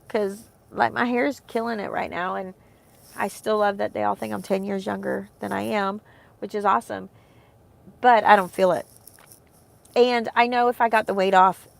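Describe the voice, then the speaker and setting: In a gravelly mid-range voice, a homeschooling mother in her thirties vlogs to camera, rambling earnestly with many fillers. She's emotional and nearly crying.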